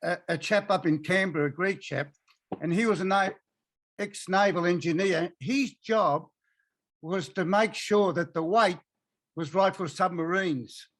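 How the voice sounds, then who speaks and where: A woman with an Australian accent in the audience tells a story haltingly, restarting her sentences. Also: fairly low pitch. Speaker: audience member. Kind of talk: casual conversation.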